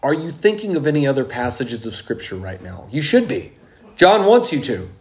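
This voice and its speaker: A man preaching a sermon, slow and emphatic, with dramatic pauses. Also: mid-range voice, very animated, darkish tone.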